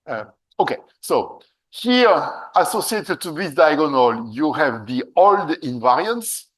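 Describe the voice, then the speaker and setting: Slow, halting male math lecturer. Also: on the high side, expressive, a bit bright, rough recording. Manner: halting, many restarts and fillers, tag "eh?". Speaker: mathematics lecturer. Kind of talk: live university lecture at a board.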